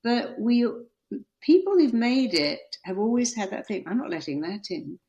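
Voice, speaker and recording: A middle-aged woman author, a guest on an interview podcast, telling stories with lively quoted voices. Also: on the high side, normal speed, lo-fi sound. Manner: animated storytelling, acting out quoted voices.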